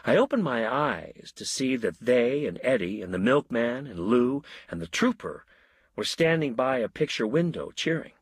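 A man reads a story aloud with a wry, measured delivery and a husky edge to his voice. His pitch moves in lively swoops, and the recording is close and dry. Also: dry recording. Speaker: audiobook narrator. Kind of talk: scripted narration.

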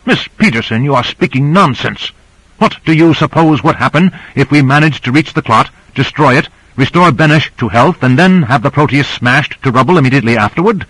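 A man's voice: mid-range voice, lively intonation, a little fast, a bit bright, husky, dry recording, pitched above the performer's own voice, poor audio. A man reading the part of a stern, argumentative male scientist in an audiobook. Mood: insistent. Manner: pressing, argumentative.

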